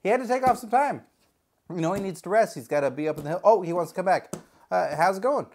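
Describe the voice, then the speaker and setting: Man, unboxing host, goofy, rambling, fairly high voice, very animated pitch. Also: fast, a little hiss or hum. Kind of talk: casual comedic unboxing chat.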